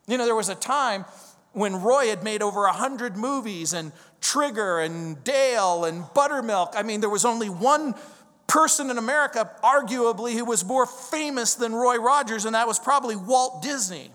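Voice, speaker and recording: A middle-aged pastor from Southern California gives a verse-by-verse sermon in a church sanctuary, his high voice bright and forceful with a long reverb from the large hall. He stresses key words and slows down to drive points home, moving easily between scripture reading and personal storytelling.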